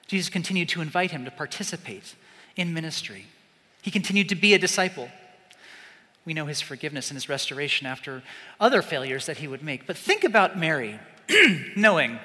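A man preaching a sermon, animated, swinging from loud emphasis to hushed, slow asides. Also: on the high side, big-room sound.

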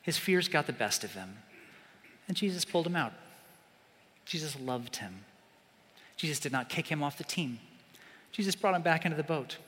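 Animated high-voiced preacher in a hall. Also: male voice, moderate pace, pauses often. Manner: animated, swings from loud emphasis to hushed asides. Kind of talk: sermon.

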